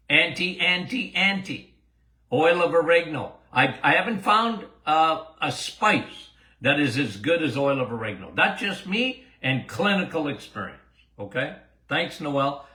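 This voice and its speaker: Older male doctor-host, casual Q&A podcast, emphatic, laughs a lot, slightly high bright voice, echoey room. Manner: animated, emphatic, repeats himself, laughs often.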